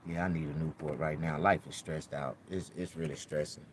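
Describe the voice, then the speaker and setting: A man delivering a comedic vlog monologue in an RV, excitable and swearing constantly. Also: a bass voice, a little fast, slight background noise.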